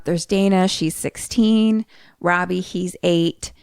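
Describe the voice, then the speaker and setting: Woman co-host, lowish voice, dry booth sound, chatty movie recapper. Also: steady tone, slow pace, darkish tone, clean tone, dry recording. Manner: retells scenes breathlessly, acts out character lines. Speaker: podcast co-host. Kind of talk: casual movie recap chat.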